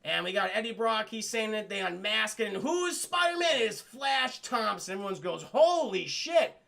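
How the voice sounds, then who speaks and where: A man's voice: high voice, moderate pace, creaky, pushed and bright. A young man streaming a rambling, profane episode recap, talking straight to his chat. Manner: rambling, swears constantly, keeps addressing chat. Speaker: streamer reviewing a cartoon.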